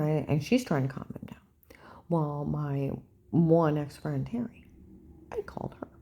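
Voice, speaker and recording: A woman's voice: deep voice, creaky, mellow. An older woman in a rambling, agitated personal monologue, repeating herself and often asking "okay?". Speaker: vlogger.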